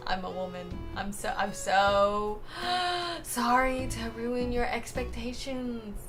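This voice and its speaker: A woman's voice: fairly high pitch, slow pace. Playful young woman streamer, music behind. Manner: playful, laughs often, exclaims loudly when excited. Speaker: streamer reading chat. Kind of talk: casual live-stream chat.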